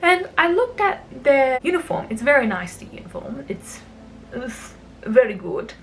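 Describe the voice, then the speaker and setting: A young Australian woman tells a storytime vlog in a fairly high voice, chatty and full of fillers. She acts out quoted lines animatedly, with faint noise behind her. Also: very animated, moderate pace, rough recording. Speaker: vlogger.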